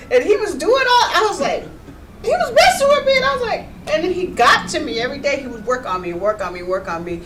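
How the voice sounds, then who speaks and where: A woman guest telling her life story in a casual chat, animated and quick to act out quotes. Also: sits high. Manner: animated storyteller, laughs often, acts out quotes. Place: radio studio. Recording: distant mic with faint background noise.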